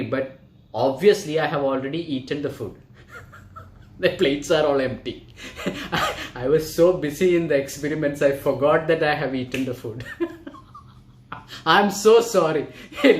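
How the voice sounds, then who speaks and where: A man voicing a forgetful male scientist who talks high, loud and hurried, in a roomy space. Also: animated, slight background noise, close to an everyday voice. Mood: apologetic. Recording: roomy echo.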